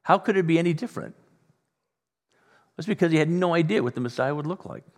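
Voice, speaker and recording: A man preaching a sermon as pastor, animated, playing out the voices of the people he talks about. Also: a little high, fast. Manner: animated, acts out voices of others. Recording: long reverb in a large room.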